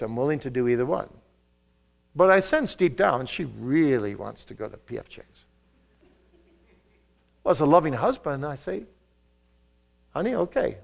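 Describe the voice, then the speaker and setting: An older man preaching a sermon in a church, pressing some words hard and dropping others to a hush. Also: on the high side. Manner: emphatic, swings between loud stresses and soft asides. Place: church sanctuary.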